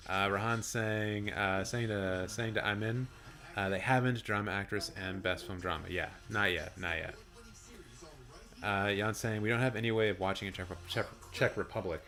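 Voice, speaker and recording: A low-voiced man whose voice has gone raspy and hoarse from hours of talking, speaking into a good studio mic. He chats casually and loosely, with plenty of fillers and restarts, and a little faint music plays behind him. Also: sharp tone. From Canada. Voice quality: deep and raspy. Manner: chatty, rambling, with fillers and restarts. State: hoarse from a long stream. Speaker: film channel live streamer. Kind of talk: casual live reaction stream.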